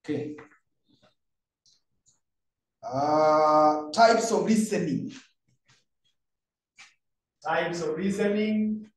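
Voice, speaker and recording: Speaking extremely slowly and pausing often, a Kenyan man with a voice on the high side runs a revision session for his class. His style is conversational: he puts questions to students and weaves in Swahili phrases. Faint noise and heavy room echo come through a far-off mic.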